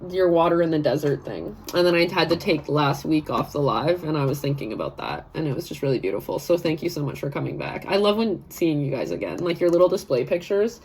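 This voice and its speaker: A woman's voice: deep voice, lively intonation, quick pace, hardly any pauses, a little mellow, slight background noise. A woman in her thirties hosting a live stream, chatting casually and rambling, laughing often and reading viewer comments aloud. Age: 30s. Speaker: live session host.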